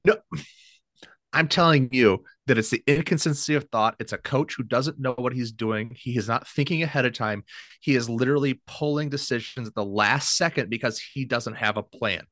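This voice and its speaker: A blunt man co-hosting a sports podcast, throwing out strong opinions and quick comebacks. His voice is bright and forceful, recorded close and dry. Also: mid-range voice, no echo. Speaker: podcast co-host. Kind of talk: casual sports chat.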